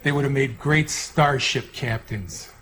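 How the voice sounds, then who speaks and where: A man's voice: medium pitch, measured pace, fairly bright tone, a little hiss or hum. A man co-hosting a horror movie show, tossing dry quips into loose studio banter. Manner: dry, quipping sidekick.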